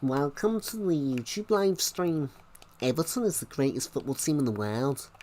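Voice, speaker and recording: A man's voice: a little high, animated, moderate pace, darkish tone, lightly acted. A man voicing a cheery Liverpool football fan in a Scouse accent, drawing out his words in a sing-song way.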